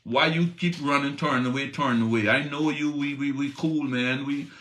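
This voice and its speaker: Man doing a talking donkey, loyal, pleading, buddy-like, bright tone. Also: medium pitch, fairly even intonation, moderate pace, roomy sound, close to an everyday voice.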